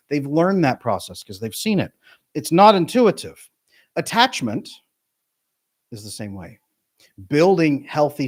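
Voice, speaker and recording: A middle-aged man, a relationship coach, talking to his live stream audience with emphatic, jumpy pitch on key words. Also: darkish tone. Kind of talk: live stream talk to chat.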